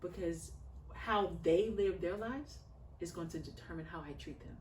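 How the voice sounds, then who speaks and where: A woman's voice: fairly low pitch, moderate pace, a little mellow, distant mic. A woman in her thirties, a mother and podcast guest, speaking earnestly and heartfeltly in a casual interview, with a preaching lilt. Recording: roomy echo, off-mic, faint background noise.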